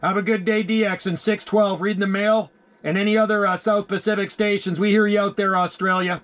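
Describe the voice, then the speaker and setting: A man working a CB radio, calling out call signs in a relaxed, friendly way. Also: sits high, a little fast. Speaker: CB radio operator. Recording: loud radio static hiss.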